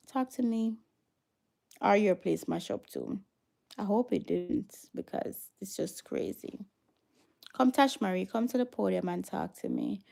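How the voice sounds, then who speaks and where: Chatting on a relaxed livestream, this Jamaican host speaks in a mid-range, warm, creaky voice, very animated yet unhurried. She responds to viewer comments and drifts into patois.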